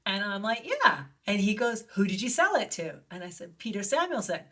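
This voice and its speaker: Bright, animated woman telling a story. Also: a little fast. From lived in Barcelona. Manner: animated, acts out quoted voices with big pitch jumps. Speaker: guest filmmaker. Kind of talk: storytelling in an interview.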